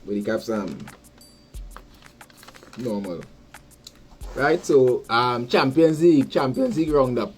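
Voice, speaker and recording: A man's voice: mid-range voice, slow, long pauses, faint music behind. Trinidadian man hosting casual sports talk. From Trinidad and Tobago. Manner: rambling, repeats words, shouts out listeners. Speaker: podcast host. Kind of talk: casual live sports chat.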